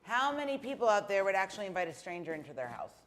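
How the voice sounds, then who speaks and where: A woman co-hosts a casual talk show in a mid-range voice. She is chatty and reads news items aloud, breaking in with quick reactions to the others. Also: medium pitch, big pitch swings, fairly bright tone. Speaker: co-host.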